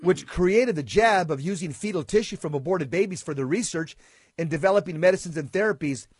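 A man with a high voice reads out prepared commentary in a deliberate, indignant tone. The sound is dry and close, with no room around it. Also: a little mellow, slightly rough, dry recording. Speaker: co-host reading commentary. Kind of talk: reading prepared commentary on a talk show.

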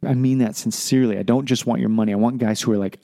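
Male podcast host, 30s, heartfelt and pleading, laid-back slang, warm and dry. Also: medium pitch, fairly even intonation, fast, gravelly, dry recording. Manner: pleading, casual, says "man" and "dude" often. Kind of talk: earnest podcast appeal.

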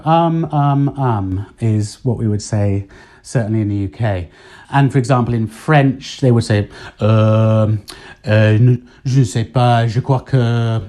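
A man talks through his podcast in a casual, rambling way, often pausing on ums and uhs while he gathers his thoughts. His voice is mellow and soft-edged, sitting at an ordinary pitch for a man. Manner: chatty, thinks aloud with many ums and uhs. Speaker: podcast host. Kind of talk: casual solo podcast talk. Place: Spain.

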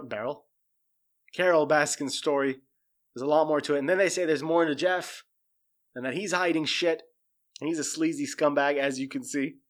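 A man giving casual commentary, rambling and profane, animated as he tells the story. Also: a little high.

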